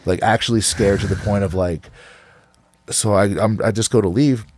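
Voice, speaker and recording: A man's voice: lowish voice, fairly even intonation, normal speed, a little mellow, slight background noise. A man from California, a podcast guest, telling a story casually, rambling with lots of "like", restarts and swearing.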